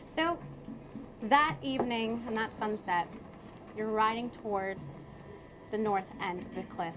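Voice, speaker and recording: A woman player narrating her character's memory in a lively, chatty tabletop game. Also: on the high side, a little slow, background noise. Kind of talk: tabletop role-play narration.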